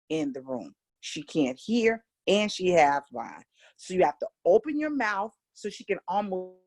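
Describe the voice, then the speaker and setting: A middle-aged woman with an American accent teaching a casual voice lesson, animated and coaxing, chatting straight to her students. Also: lowish voice. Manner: animated, coaxing, demonstrates exercises aloud. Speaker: vocal coach.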